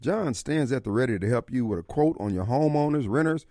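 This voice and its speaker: A man's voice: mid-range voice, animated, a little fast, mellow, no room sound, clean studio sound. A man hosting a radio talk show, folksy and fiery, taking callers and giving warnings. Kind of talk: talk radio monologue and call-in.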